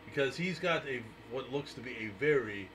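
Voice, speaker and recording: A man hosting a live internet radio talk show, teasing his co-host in loud, joking, profane banter. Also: mid-range voice, expressive, normal speed, a little hiss or hum.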